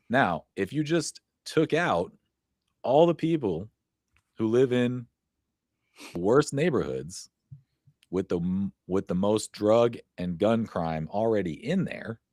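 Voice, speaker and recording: A man's voice: fairly low pitch, darkish tone, no room sound, studio quality. A man co-hosting a casual podcast chat, blunt and profane, laughing often between points. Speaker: podcast co-host.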